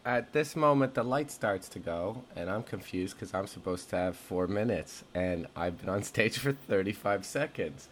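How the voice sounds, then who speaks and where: A man's voice: on the low side, lively intonation, moderate pace, hardly any pauses, a little hiss or hum. A man narrating his own comic story in a wry, rambling, self-deprecating way. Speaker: comedian telling his story.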